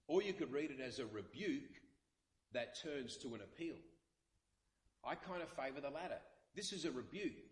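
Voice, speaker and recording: Possibly a pastor, this man delivers an earnest sermon full of repeated phrases and dramatic quotes. His medium-pitched voice is animated and at normal speed, in an echoey room.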